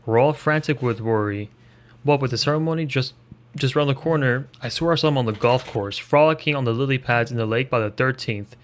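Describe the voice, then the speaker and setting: A man voicing a pompous, boastful male mayor in a video game, speaking slowly and drawn out. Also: medium pitch, close to an everyday voice.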